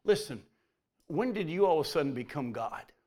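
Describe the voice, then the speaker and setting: A man giving a conversational sermon who acts out the quotes and drops to a soft voice near the end. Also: on the high side, lively intonation, normal speed. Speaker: preacher.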